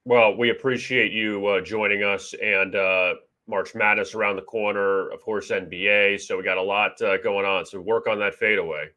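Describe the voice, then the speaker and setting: A man hosting a sports-betting show who talks in an easygoing way, filling pauses with "uh". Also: on the low side, highs cut off. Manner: relaxed, steady, fills pauses with "uh". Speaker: show host. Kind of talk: casual sports-betting chat.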